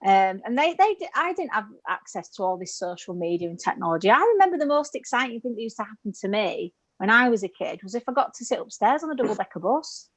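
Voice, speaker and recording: A woman's voice: medium pitch, very animated, fast, few pauses, low-quality recording. A woman in her forties from the UK doing a stand-up set over a video call, chatty and self-mocking, laughing at her own jokes. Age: 40s. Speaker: stand-up comedian.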